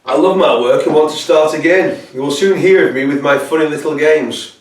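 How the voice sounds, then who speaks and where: A mocking Victorian killer gloats in a put-on Scottish accent, read by a man. The voice sits a little high and sounds roomy, caught by a mic set well back. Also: a little fast, lightly acted. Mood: taunting. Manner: mocking, taunting. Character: gleeful menacing Victorian male killer writing taunts. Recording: roomy echo from a distant mic.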